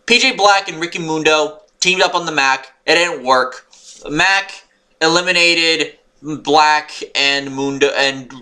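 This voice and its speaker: A man rambling through a wrestling show review, excitable and swearing, sometimes yelling when annoyed. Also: a little high. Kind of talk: unscripted recap monologue.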